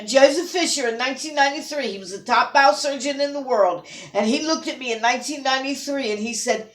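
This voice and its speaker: A woman ranting to camera in an angry, scolding, at times tearful vlog. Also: high-pitched. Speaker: vlogger. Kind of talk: emotional rant to camera. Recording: roomy echo.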